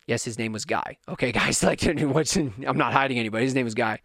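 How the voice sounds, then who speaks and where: Animated man telling a story. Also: mid-range voice, fast talker, gravelly, dry recording, studio quality. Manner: animated, self-deprecating, conversational. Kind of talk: casual storytelling to viewers.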